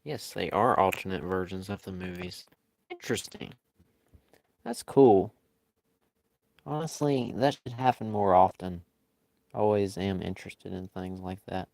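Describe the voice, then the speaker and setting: A man with a fairly low voice chats with viewers as he draws. He talks in an unhurried, easygoing way that often rambles. The sound is dry, with almost no room echo. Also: gravelly, a little mellow. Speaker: live-stream artist. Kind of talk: casual chat while drawing.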